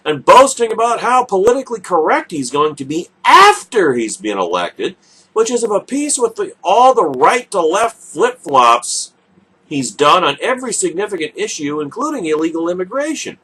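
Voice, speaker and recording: A man's voice: high voice, very animated, moderate pace, sharp tone, breathy edge. A man hosting a radio show, delivering a sarcastic, mocking political commentary monologue.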